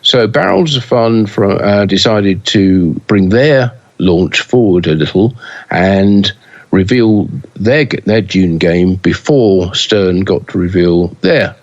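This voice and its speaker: A man's voice: deep voice, slow pace, muffled recording. A man co-hosting a pinball news podcast in casual chat, hesitant with many fillers and restarts.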